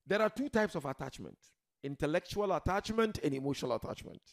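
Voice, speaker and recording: Gravelly, animated male preacher. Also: quick pace. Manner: emphatic, swings from loud declarations to low murmurs; addresses the audience directly. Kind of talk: religious sermon. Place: gathering hall with a seated audience.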